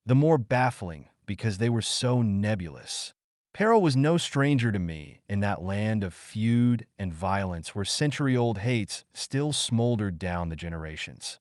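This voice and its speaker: A man narrating an audiobook in a measured, suspenseful storytelling manner. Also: lowish voice, dry recording, clean studio sound.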